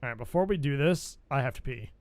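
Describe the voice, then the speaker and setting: A young adult man streams a game, talking fast in an animated mid-range voice while he jokes and banters playfully with his live chat. There's a little hiss or hum in the audio.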